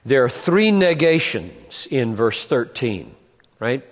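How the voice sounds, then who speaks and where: A man's voice: mid-range voice, very animated, takes it slowly, big-room sound. A man teaching the Bible, emphatic, repeating key phrases and posing rhetorical questions.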